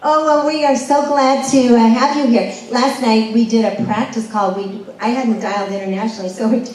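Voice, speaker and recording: A woman's voice: on the high side, steady tone, fairly quick, darkish tone. A woman organizing the event, chatting in a bubbly, talkative way. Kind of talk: casual chat at a party. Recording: echoey room, distant camera.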